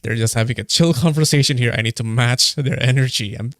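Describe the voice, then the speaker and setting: A man's voice: medium pitch, fast talker, no room sound, studio quality. A young man from Indonesia giving casual, heated commentary, blunt and swearing, with many hesitant fillers. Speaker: streamer reacting to a live broadcast.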